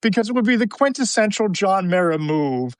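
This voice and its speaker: Guy with a high voice venting his football opinions, dry close mic. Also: animated, brisk, clean tone, dry recording. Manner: emphatic, opinionated ranting. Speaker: podcast host. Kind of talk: casual sports talk.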